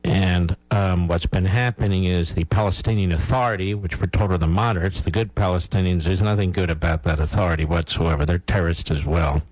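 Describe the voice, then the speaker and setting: A man's voice: deep voice, steady tone, fairly quick, hardly any pauses, darkish tone, no echo, low-quality recording. A man hosting a talk radio show, delivering a blunt, emphatic opinion monologue and cueing his producer.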